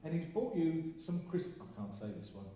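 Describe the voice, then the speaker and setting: Jokey medium in an echoey hall. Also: male voice, fairly high pitch, big pitch swings, moderate pace, mellow, distant mic. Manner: jokey, chatty with the audience. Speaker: spiritualist medium. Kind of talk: live mediumship demonstration. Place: large hall with an audience.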